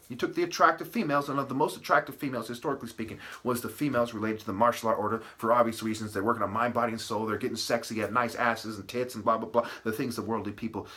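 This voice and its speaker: A man's voice: mid-range voice, fast, few pauses, bright, forceful tone. A man delivering a preachy solo lecture, emphatic and berating his listeners, full of word-play and tag questions like "okay" and "right". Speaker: channel host.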